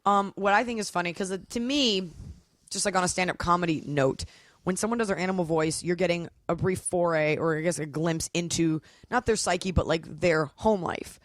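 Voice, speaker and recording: A young adult woman, a comedian guest, chatting on a podcast and telling a story with lively, animated delivery. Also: fairly low pitch, normal speed, dry recording. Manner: animated storytelling, puts on silly voices. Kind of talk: casual podcast chat.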